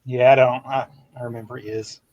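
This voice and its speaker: A man co-hosting a podcast, telling stories in a relaxed way, full of "like". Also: medium pitch, a little fast, highs cut off. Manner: relaxed storytelling, many fillers like "like". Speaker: podcast co-host. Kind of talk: casual chat.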